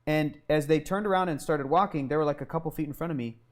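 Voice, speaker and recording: Animated man telling a story, slightly high voice. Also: fast. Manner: animated and profane, acting out quotes. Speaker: guest. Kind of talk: casual storytelling in an interview.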